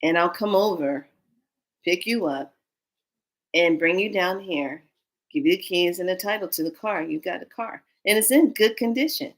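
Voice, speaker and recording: A man's voice: high voice, moderate pace, fairly bright tone. A woman voicing a friendly, generous man chatting on the phone, quoted within her story.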